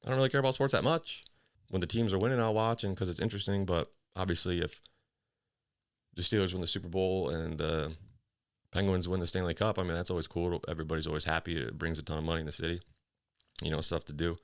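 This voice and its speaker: A man's voice: deep voice, fairly even intonation, quick pace, a bit bright, dry recording, studio quality. A man, hosting a casual solo podcast from a small home office. He rambles, jokes at his own expense, swears freely and sounds a little out of breath. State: slightly out of breath. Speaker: podcast host.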